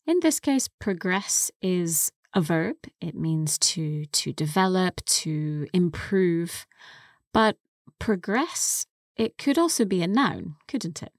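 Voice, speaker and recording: A woman co-hosting a podcast English lesson, explaining words slowly and carefully into a close studio mic. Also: fairly low pitch, lively intonation, dry recording. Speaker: co-host and English teacher.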